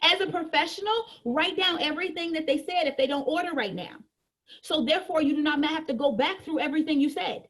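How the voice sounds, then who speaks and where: A woman giving a sales training talk in a colloquial, animated way, talking straight to her audience and acting out customer conversations. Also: high voice, fairly quick.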